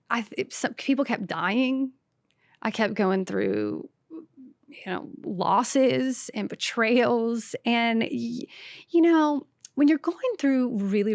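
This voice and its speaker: In her podcast studio, a stand-up comedian from the American South hosts her own show with a light Southern accent. Her slightly high voice comes through at studio quality with no echo as she delivers a brash, sassy, self-mocking solo rant.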